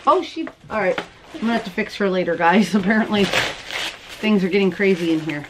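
A woman's voice: medium pitch, normal speed, pauses often, background noise. A woman hosting a crochet and knitting show, chatting casually to camera as she opens mail at home, bubbly and gushing and often laughing. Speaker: crochet and knitting podcast host.

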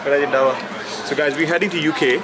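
A man's voice: a little high, steady tone, a crowd in the background, rough recording. A man chatting casually on a travel vlog, switching between Punjabi and English, outdoors in a city. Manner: fast, mixes Punjabi and English. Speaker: vlogger.

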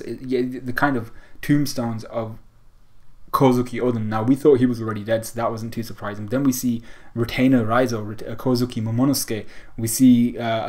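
A man's voice: mid-range voice, a little mellow. A young man casually recapping a comic chapter, rambling with fillers and restarts. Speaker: manga reviewer.

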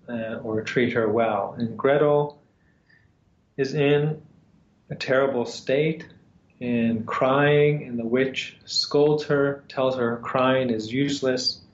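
Slow, halting male storyteller. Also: mid-range voice. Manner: slow and halting, with long pauses and fillers. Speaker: storyteller and teacher. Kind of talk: storytelling in a lesson. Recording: roomy, slightly dull sound.

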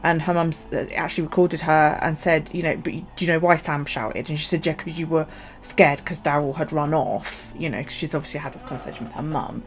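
A woman's voice: low voice, steady tone, fairly quick. A middle-aged woman, a journaling vlogger, telling stories in a casual, chatty way and swearing freely. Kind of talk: casual chat.

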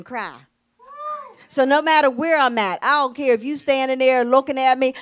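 A middle-aged woman pastor preaching a sermon, telling a personal testimony, dropping to hushed tones and rising to exclamations. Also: high voice. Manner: emotional testimony, shifting between hushed and exclaiming.

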